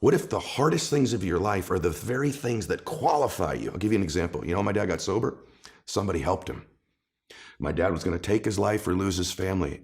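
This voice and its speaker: Passionate low-voiced man telling stories. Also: gravelly. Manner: passionate, builds emphasis in repeated phrases. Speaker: podcast guest and author. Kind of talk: conversational interview.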